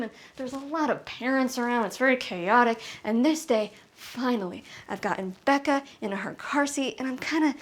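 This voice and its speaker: A young woman performs a solo comedy story with a fairly high voice. She is animated and shifts her pitch a lot. Her voice climbs to sharp shrieks when she acts out panicked moments. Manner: animated, jumps to high shrieks in acted-out scenes. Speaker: stand-up comedian. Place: apartment.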